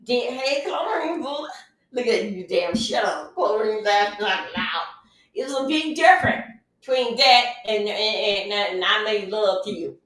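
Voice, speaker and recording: Expressive and unhurried, with a medium-pitched, fairly bright voice, this livestream host chats casually and gives advice. She is emphatic and repeats her phrases often, and the mic sits far away in a very echoey room.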